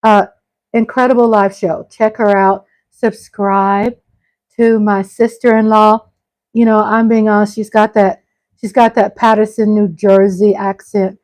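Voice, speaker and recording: A woman's voice: medium pitch, flat delivery, measured pace, a little mellow, dry recording, poor audio. A middle-aged woman hosting a casual live stream. She reads out viewer comments and chats back to them, calling her viewers y'all and breaking into exclamations.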